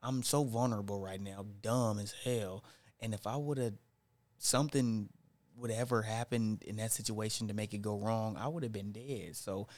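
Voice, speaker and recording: A man's voice: fairly low pitch, normal speed. A man casually telling a story in slangy talk, acting out what people said. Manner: animated, slangy, acts out quotes. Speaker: storyteller in group chat.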